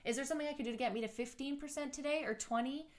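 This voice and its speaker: A woman's voice: high-pitched, racing. A woman in her thirties hosting a podcast, chatting candidly and swearing freely. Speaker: podcast host. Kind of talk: casual chat.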